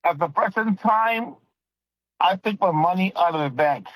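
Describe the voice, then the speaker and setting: A man's voice: high-pitched, normal speed, a bit bright, no echo, poor audio. A man calling in to a radio show, polite and a little hesitant as he asks his question. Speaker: caller. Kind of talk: phone-in question.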